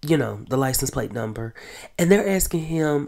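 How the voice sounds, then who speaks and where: A man hosting a casual podcast, recapping a TV episode in an animated storytelling way with quick whispered asides. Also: mid-range voice, vocal fry. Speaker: podcast host.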